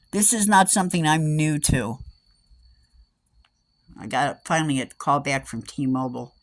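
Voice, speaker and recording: A woman's voice: low-pitched, unhurried, pauses often, no room sound. A woman ranting in an indignant, sarcastic, rambling way as she vlogs about her own experience. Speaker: vlogger. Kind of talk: angry personal rant.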